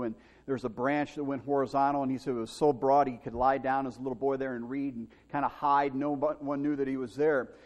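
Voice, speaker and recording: Animated preacher in a reverberant hall. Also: male voice. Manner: animated, acts out quotes with big shouts and pitch jumps. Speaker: pastor. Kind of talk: sermon with storytelling.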